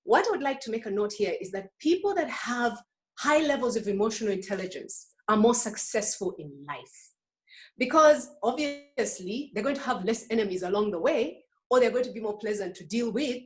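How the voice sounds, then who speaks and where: A middle-aged woman gives a lively talk on emotional intelligence over a video call, acting out little scenes and asking the audience questions. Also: medium pitch. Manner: animated, acts out voices and asks the audience questions.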